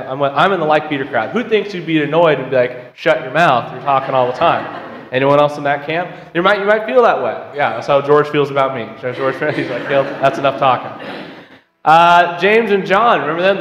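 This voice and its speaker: Guy teaching bible class, kinda high voice, big echoey church hall. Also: animated, a little fast, fairly bright tone. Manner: conversational, asks the class questions, reads scripture aloud. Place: church auditorium. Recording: roomy hall with long reverb.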